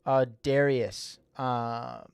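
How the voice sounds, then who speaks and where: A man's voice: mid-range voice, level tone, drawn-out words, creaky, clean tone, no echo, clean studio sound. A young man hosting a livestream, giving casual, rambling feedback on a submitted song with lots of fillers and repeated words, slightly slurred S's. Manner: says he slurs his S's a little. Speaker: livestream host reviewing music submissions.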